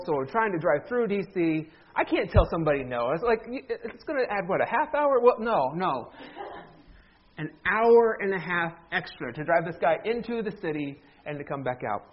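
A man's voice: high-pitched, muffled recording. A middle-aged man preaching a humorous sermon in a church, telling stories with a joking, self-deprecating manner. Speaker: pastor. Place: church sanctuary.

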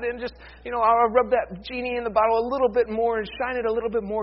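Guy pastor with a high voice giving a chatty animated sermon, kinda muffled lo-fi sound. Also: quick pace, hardly any pauses. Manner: conversational, animated, with playful paraphrases.

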